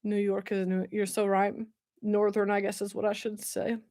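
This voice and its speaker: A woman's voice: medium pitch, monotone, moderate pace, mellow, no room sound, studio quality. A woman hosting a casual livestream. She chats, laughs often and reads viewer comments aloud. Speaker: livestream host. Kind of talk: casual live chat.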